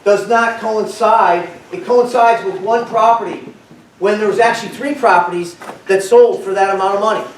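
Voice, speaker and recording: A man's voice: high voice, steady tone, normal speed, a little hiss or hum. A man giving an impassioned, confrontational public comment to a county board, stumbling over and repeating his words as he presses his point. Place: county board meeting room. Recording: echoey meeting hall from far off.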